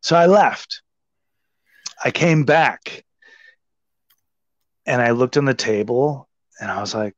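A man guest telling a story in a casual, animated and profane way, full of "like". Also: mid-range voice, takes it slowly, pauses often, no echo. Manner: animated, profane, heavy use of "like". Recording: slightly dull, dry sound.

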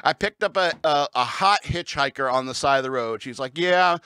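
A man hosting a comedic talk-radio show, telling a rambling, incredulous story with animated asides. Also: mid-range voice, fairly quick, clean tone, dry recording.

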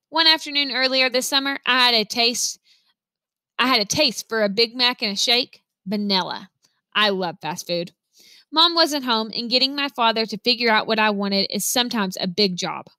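A woman reading a novel aloud, telling the story in an expressive first-person voice. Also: a little high, dry recording. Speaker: reader.

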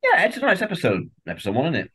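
A man's voice: a little high, wildly swooping pitch, racing, sharp tone, husky. A man co-hosting a podcast, giving opinionated, wry asides and swearing freely. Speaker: podcast co-host. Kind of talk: casual chat.

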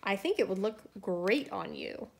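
A woman's voice: mid-range voice, lively intonation, a little slow, creaky. A woman voicing a kind little boy who shares his scarf, in a rhyming storybook. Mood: friendly. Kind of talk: children's picture book read aloud.

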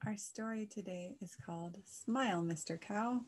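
A woman reading a rhyming children's story aloud, in a gentle and expressive way. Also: medium pitch, normal speed.

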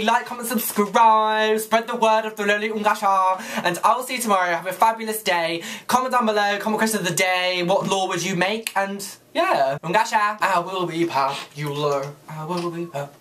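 Excitable sweary young Englishman, bright tone. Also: sits high, a little hiss or hum. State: tired. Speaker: vlogger. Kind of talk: casual vlog chat.

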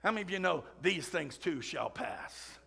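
A man's voice: high voice, expressive, normal speed, vocal fry, sharp tone, husky. A man preaching a Sunday sermon in a church, chatty and full of asides and jokes. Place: church sanctuary.

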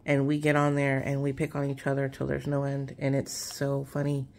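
A woman chatting casually while she crafts, relaxed and rambling with many fillers. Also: very deep voice, moderate pace, vocal fry, a little hiss or hum. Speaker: craft vlogger.

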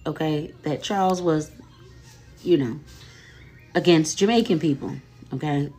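Woman with a lowish voice gossiping about online drama, says okay a lot, laid back. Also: a little slow, mellow, husky, soft background music. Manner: chatty, laughing, repeats "okay?" and "y'all". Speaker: commentary host. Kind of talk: casual commentary on social media drama.

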